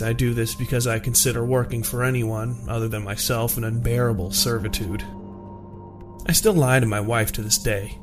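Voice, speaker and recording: A man voicing an adult male killer, reading out his confession in a slow, flat, measured way. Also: mid-range voice, natural voice. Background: music.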